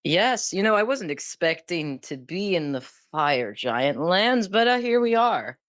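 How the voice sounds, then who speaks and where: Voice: medium pitch, sing-song, a little slow, fairly bright tone, dry recording. A player in a tabletop game, chatting playfully.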